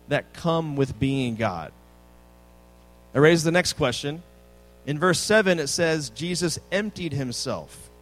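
A man in his thirties preaching a sermon, telling a story in a casual, joking way with lively quoted dialogue. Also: on the high side, rough recording. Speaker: pastor.

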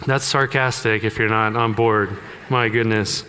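A man's voice: mid-range voice, expressive, normal speed, bright, forceful tone, clean tone. A man preaching a sermon, conversational and joking with the congregation. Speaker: pastor. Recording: long hall reverb.

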